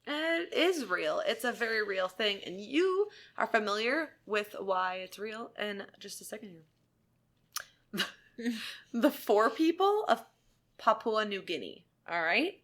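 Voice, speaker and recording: A woman co-hosting a podcast in casual, rambling chat, giggly and high on edibles. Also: sing-song, a little slow, fairly bright tone. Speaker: podcast co-host.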